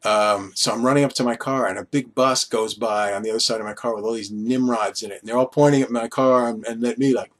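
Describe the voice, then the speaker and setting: A man's voice: mid-range voice, steady tone, fast, few pauses. A man from Long Island with a local accent, rambling casually to the camera and telling stories with lots of asides. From Long Island, New York. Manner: meandering, storytelling with asides and restarts. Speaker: vlogger.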